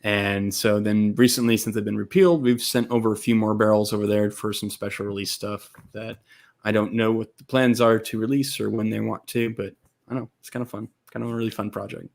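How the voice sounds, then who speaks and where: A man, a distillery co-founder from Texas, casually telling an animated story and acting out other people's lines. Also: lowish voice, brisk, gravelly. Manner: animated, quotes others in lively voices.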